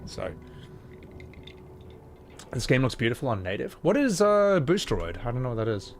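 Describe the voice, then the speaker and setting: Playful streamer, lively voice. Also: male voice, mid-range voice, normal speed, slight background noise. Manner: playful, swearing, baby talk to his cat. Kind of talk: casual live-stream chat.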